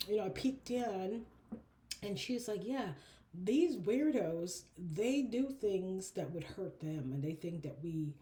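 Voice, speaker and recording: A woman with a low voice gives a casual oracle card reading, chatty and animated, calling her listeners honey and baby. A faint hum sits behind her.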